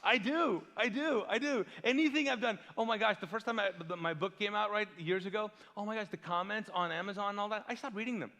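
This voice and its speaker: A man with a high, bright-pitched voice preaches to his congregation, animated and playfully self-deprecating. He keeps asking the room questions. His voice rings out with a long reverb tail from a large church hall. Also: fairly quick. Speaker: pastor. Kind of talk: sermon. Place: church auditorium.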